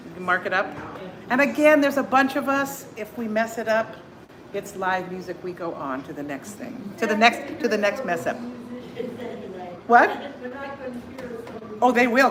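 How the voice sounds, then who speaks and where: A woman teaching a group singing class, singing lines and then coaching in quick, chatty, self-deprecating asides. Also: mid-range voice, lively intonation, crowd noise.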